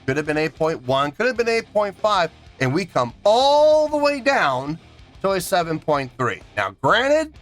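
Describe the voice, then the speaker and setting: A man's voice: high-pitched, very animated, a little slow, a bit bright, faint music behind. A man reviewing a song in an emphatic, indignant rant, counting out beats aloud. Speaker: music reaction reviewer.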